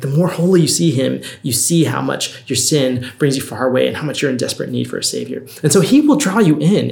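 A man's voice: fairly high pitch, vocal fry, darkish tone. A man in his thirties preaching a conversational sermon, earnest and storytelling, often restarting his sentences. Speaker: pastor. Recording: roomy echo.

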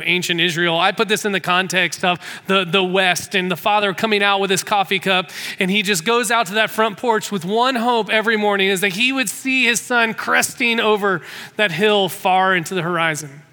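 A man's voice: high voice, pushed and bright, big-room sound. A man preaching a sermon, retelling a story with vivid scenes and frequent restarts. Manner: storytelling, repeats words when restarting.

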